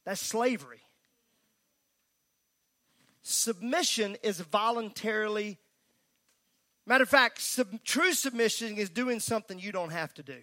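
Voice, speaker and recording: A man preaches at a church service, his voice pitched high and ringing bright. He talks emphatically but conversationally, mixing the sermon with folksy asides. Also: unhurried, pauses often. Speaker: pastor.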